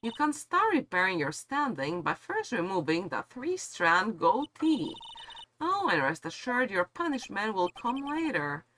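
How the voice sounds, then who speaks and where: A woman's voice: medium pitch, very animated, unhurried, a bit bright, a little hiss or hum. A woman voicing a haughty young female prosecutor in a game, scornful and superior.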